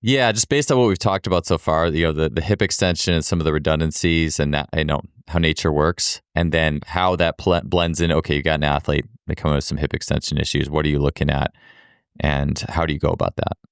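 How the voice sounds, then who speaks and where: A man's voice: rumbling low, fairly even intonation, fairly quick, clean tone, dry recording, clean studio sound. A man hosting a podcast, recapping and asking open questions in a casual interview. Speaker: podcast host.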